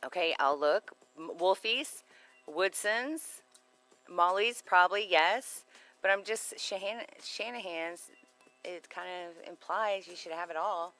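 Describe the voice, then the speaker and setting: A woman's voice: lowish voice, slow pace, fairly bright tone, faint music behind, low-quality recording. A woman co-hosting a casual radio chat show, rambling, giggly and easily sidetracked. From Texas.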